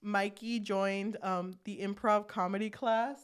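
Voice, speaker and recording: A young woman talks through a movie's plot on a casual podcast, and she acts out the characters' lines as she goes. Her pitch sits mid-range for a woman. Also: a little slow, smooth. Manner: animated, acts out character lines while recapping. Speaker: podcast co-host.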